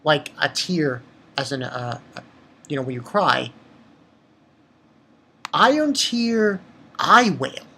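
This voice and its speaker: A man casually recapping a manga chapter for his channel, rambling and excitable, with lots of fillers and restarts. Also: fairly high pitch, takes it slowly, creaky, long pauses, slightly rough. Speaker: manga review channel host.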